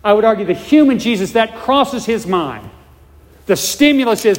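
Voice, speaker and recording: Man preaching, high-ish voice, keeps hammering rhetorical questions, big hall echo. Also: animated, brisk. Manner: emphatic, repeats words, asks rhetorical questions. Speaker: pastor. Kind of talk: sermon.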